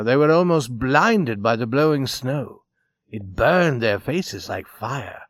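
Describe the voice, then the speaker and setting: Expressive male storybook narrator. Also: medium pitch, no room sound, clean studio sound. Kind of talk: storybook reading.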